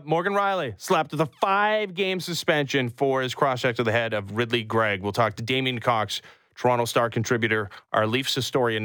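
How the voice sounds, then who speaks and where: A man hosting a sports radio show with brisk, jokey delivery. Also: mid-range voice, bright, forceful tone, clean tone, no echo, clean studio sound. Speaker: radio host.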